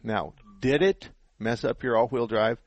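A man's voice: medium pitch, unhurried, dry recording, highs cut off. A middle-aged man hosting a call-in car repair radio show, giving practical step-by-step advice in a folksy way while slightly out of breath. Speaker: radio show host, auto mechanic. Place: radio studio. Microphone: headset.

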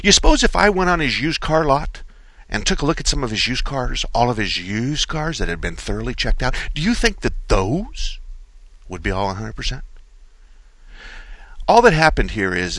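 A middle-aged man hosts a call-in radio show with a bright, lively voice that swings widely in pitch as he acts out what people said. His delivery is animated, like an excited storyteller. The studio sound is close and dry. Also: no echo, low-quality recording. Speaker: radio car-repair talk show host. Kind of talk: talk radio monologue.

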